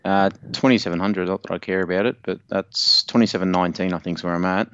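A rambling man co-hosting a casual podcast, with plenty of swearing. His voice sits on the low side and sounds a little muffled and lo-fi. The room is dry and close. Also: fast, clear, resonant tone, no echo. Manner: rambling, swears a lot, animated storytelling. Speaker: podcast co-host. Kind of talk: casual sports podcast chat.

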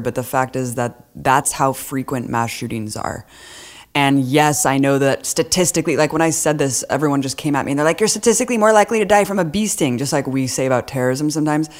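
Sarcastic woman co-hosting a podcast. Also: a bass voice. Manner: sarcastic, animated mocking quotes. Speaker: podcast co-host. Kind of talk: casual political chat.

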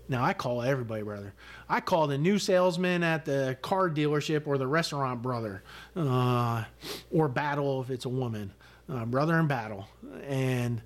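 A middle-aged man speaks in an interview with a blunt, profane candor. His voice sits at an ordinary middle pitch. He tells his story in an animated way and acts out the lines of the people in it. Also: measured pace. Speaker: guest, retired command sergeant major.

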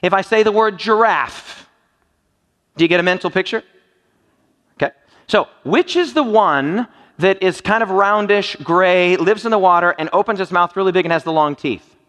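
A man's voice: high-pitched, normal speed, fairly bright tone. A man preaching a sermon in a church hall, joking and quizzing his listeners with playful questions. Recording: long reverb of a large hall.

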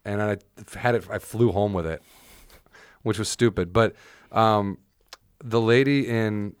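A man co-hosting a podcast speaks at a measured pace in a fairly low, clean voice, recorded dry with clean studio sound. In casual chat he tells a rambling story that mocks himself, acting out the voices he quotes.

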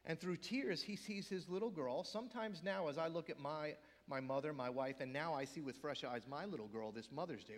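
A man preaching a sermon as pastor, swinging from loud emphatic peaks down to hushed, whispered quotes. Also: fairly high pitch, fairly quick, few pauses, in a large hall.

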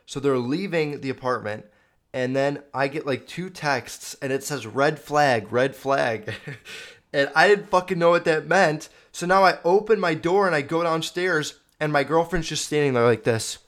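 A man's voice: on the high side, moderate pace, a bit bright. A young man hosting a podcast, telling stories in a rambling, profane, self-correcting way. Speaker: podcast host. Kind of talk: casual storytelling monologue. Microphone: video podcast mic.

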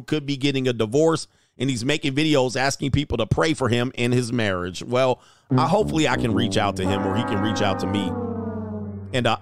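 Against a noisy background, a man with a medium-pitched voice hosts a casual livestream. A dating coach and channel host, he reads out chat comments and jokes in a loose, slangy manner.

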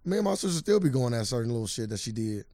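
A man co-hosts a casual podcast, talking fast and pushing back with loose, slangy arguments. His voice sits mid-range and the sound is dry and close. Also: medium pitch, sing-song, dark tone, no room sound. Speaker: podcast co-host.

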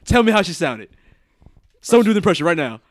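Young male podcast host, casual and jokey, lively pitch, slightly high voice. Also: quick pace, dry recording. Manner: loose and jokey, trails off mid-sentence. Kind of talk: casual movie review chat.

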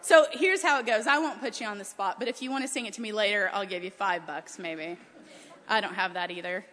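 A woman preacher telling a chatty, animated family story during a sermon in a large hall with a balcony. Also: medium pitch, brisk, slight background noise. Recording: long hall reverb.

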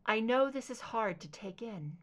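Woman doing a steady, firm lady agent, calm and low, audiobook read. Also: normal speed. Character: calm, firm female FBI agent and doctor.

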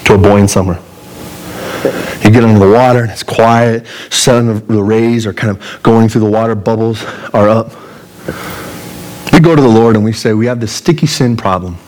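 This Colorado pastor's sermon includes a personal anecdote where he mimics his panicked self with a tight, high-pitched voice. His tone is on the dark side, and the recording is rough.

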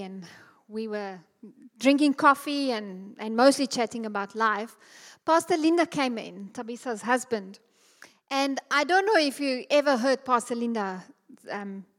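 A woman preaching a sermon to a women's gathering, speaking with passion and climbing to emphatic peaks. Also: sits high. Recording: long hall reverb.

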